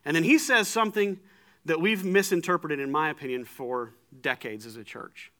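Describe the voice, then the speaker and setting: Bright-voiced man preaching a conversational sermon. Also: a little high, normal speed. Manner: conversational, animated retelling with frequent restarts.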